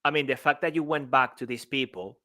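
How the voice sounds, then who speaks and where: Man, podcast co-host, enthusiastic, praising, bright voice, casual chat. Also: medium pitch, a little fast.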